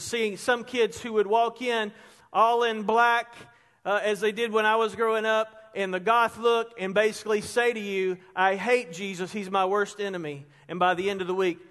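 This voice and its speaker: Brief: middle-aged man, pastor, high-pitched, animated storyteller who drops quiet for emphasis. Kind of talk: sermon with storytelling. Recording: long hall reverb.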